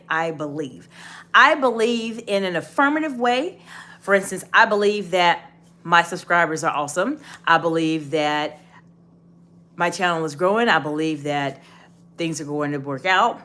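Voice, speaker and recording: A woman giving a live leadership-coaching talk, emphatic and animated, often acting out example phrasings. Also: lowish voice.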